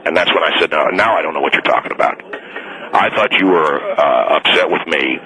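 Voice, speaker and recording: A man's voice: rumbling low, expressive, fairly quick, bright, forceful tone, full character voice, rough recording. A man playing an indignant fired mall Santa. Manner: stubborn, self-righteous, rambling with restarts. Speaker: caller. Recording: radio call audio.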